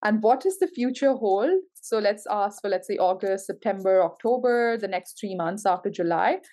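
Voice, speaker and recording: A woman's voice: mid-range voice, normal speed, warm tone. A woman giving a tarot reading to camera, gushing and emotional, full of exclamations. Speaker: tarot reader.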